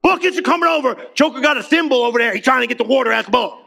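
A man preaching to his church in a lively, conversational way, mixing slang with questions to the crowd. His voice sits high and bright, with a gravelly edge. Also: rapid-fire. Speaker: pastor. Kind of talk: sermon.

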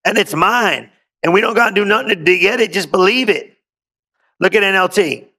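A man's voice: high-pitched, moderate pace, bright, forceful tone. A male pastor preaching a sermon, reading scripture aloud and breaking in with exuberant call-and-response asides.

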